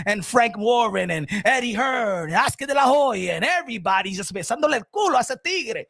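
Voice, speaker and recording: Guy yelling about boxing, high bright voice, dry room. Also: animated, moderate pace, creaky, few pauses, dry recording. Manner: loud, profane, switching into Spanish. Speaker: boxing commentator. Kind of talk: ranting boxing commentary.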